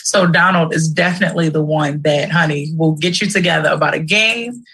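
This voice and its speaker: Bright, husky woman hosting a livestream. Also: low voice, fairly quick, rough recording. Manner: animated, emotional, breaks into loud shouts. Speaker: livestream host and aunt. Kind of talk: casual livestream chat.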